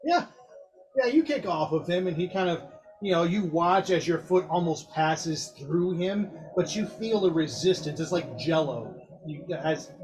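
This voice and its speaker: A man running a tabletop game as game master, narrating actions in a relaxed, descriptive way. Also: fairly high pitch.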